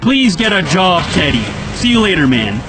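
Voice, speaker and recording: A man's voice: high voice, big pitch swings, normal speed, background noise, pitched above the performer's own voice. A man voicing a fed-up weigh-station attendant. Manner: fed-up, scolding.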